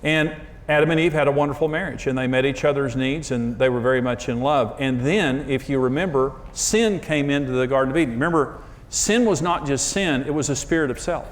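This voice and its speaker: A man's voice: a little fast, hardly any pauses. A man giving a conversational sermon on marriage, earnest and emphatic, telling stories about himself with self-deprecating candor. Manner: earnest, emphatic storytelling with sudden pitch jumps. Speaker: marriage teacher and TV host.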